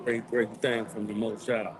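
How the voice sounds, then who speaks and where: A man's voice: lowish voice, flat delivery, moderate pace. Encouraging man in a crowd.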